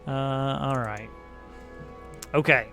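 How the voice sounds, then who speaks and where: A man runs a tabletop role-playing game, narrating scenes slowly with frequent pauses and restarts. His voice is bright and clear, with faint music in the background. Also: mid-range voice. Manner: halting, lots of fillers and restarts. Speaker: game master.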